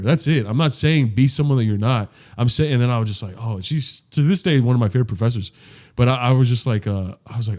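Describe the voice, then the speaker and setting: An earnest young man co-hosting a podcast, his pitch sitting right in the middle for a man. He talks loosely and swears freely. He repeats words as he works toward his point. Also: fairly quick, darkish tone. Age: young adult. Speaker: podcast co-host. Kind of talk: casual podcast chat.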